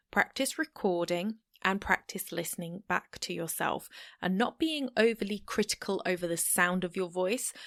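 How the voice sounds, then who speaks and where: A woman's voice: fairly low pitch, a bit bright, no room sound, clean studio sound. A woman hosting a solo podcast, talking straight to the listener in a chatty, encouraging way. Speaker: podcast host. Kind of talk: solo podcast advice talk.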